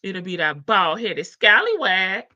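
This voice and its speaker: Her mid-range voice swings widely in pitch as this Southern US woman hosts a casual livestream, talking a little slowly in a bright, forceful tone. She gossips, laughs and teases the people reading in her chat, and the dull lo-fi audio has no room sound.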